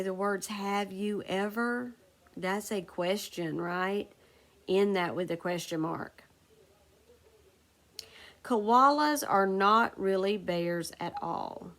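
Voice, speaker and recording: A woman teacher leading a recorded phonics lesson, dictating sentences slowly and spelling words out letter by letter. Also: medium pitch, a bit bright. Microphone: recorded for a video lesson.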